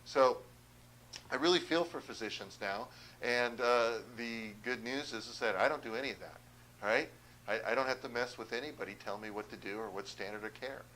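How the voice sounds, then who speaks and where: A man's voice: mid-range voice, fairly quick, a bit bright, slight background noise, poor audio. A man speaking as a chiropractor, giving a direct, persuasive health talk and often asking the audience questions. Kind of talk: health seminar talk to viewers.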